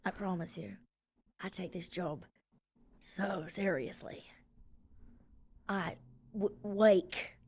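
A woman's voice: medium pitch, a little mellow. A woman voicing a crude, boastful male ship medic who talks in a brash, mock-earnest way.

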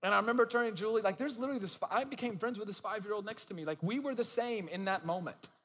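A man's voice: high voice, racing, a bit bright, long reverb tail. A young adult man giving a casual, conversational sermon, telling a story with many asides to the audience. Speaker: preacher.

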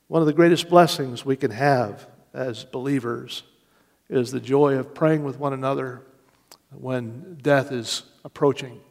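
A man preaching a sermon with slow, deliberate delivery and rising emphasis. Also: mid-range voice, gravelly, darkish tone. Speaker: pastor. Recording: long reverb of a large hall.

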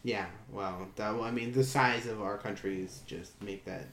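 A man's voice: lowish voice, fairly even intonation, normal speed, fairly bright tone. A man chatting casually as a podcast host, rambling with many restarts and hesitations. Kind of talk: casual chat. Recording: echoey room with faint noise.

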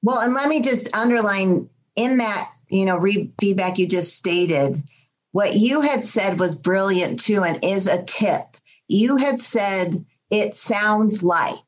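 A woman's voice: mid-range voice, a little slow, poor audio. A woman guest in a podcast interview, speaking as a mindset coach in an enthusiastic, emphatic way. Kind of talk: casual interview.

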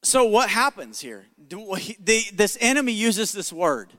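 A man's voice: high-pitched, very animated, a little slow, pushed and bright, in a large hall. A male pastor preaching a sermon in an emphatic, conversational way with jokes.

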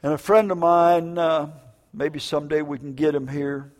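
A man's voice: a little high, steady tone, normal speed, darkish tone. An older man preaching a sermon, telling a personal story in a folksy, emotional way with frequent asides. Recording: long hall reverb.

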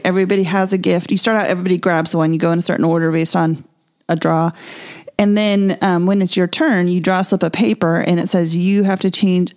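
A woman co-hosting a marriage podcast, explaining a party game in a steady, upbeat way. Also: on the low side. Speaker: podcast co-host. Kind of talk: casual chat.

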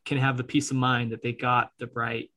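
A man's voice: mid-range voice, flat delivery, normal speed, pushed and bright. A man co-hosting a casual podcast conversation, explaining estate planning in an easygoing way and laughing often. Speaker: estate planning attorney co-host.

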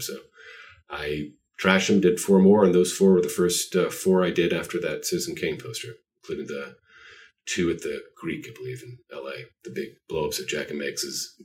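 A man's voice: deep voice, recorded from a distance. A man being interviewed about his art, telling stories in a rambling, self-deprecating way with lots of fillers. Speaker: artist guest. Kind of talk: casual interview chat.

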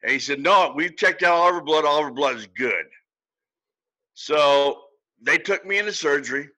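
Bright-voiced older man telling a story. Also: on the high side, expressive, moderate pace, poor audio. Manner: folksy, chuckling storyteller. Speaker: podcast guest. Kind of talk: casual storytelling.

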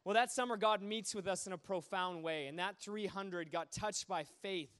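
A man preaching a sermon, telling stories with lively energy and acting out the voices of the people in them. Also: high voice, moderate pace, clean tone. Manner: animated, acts out quoted voices. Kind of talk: sermon storytelling.

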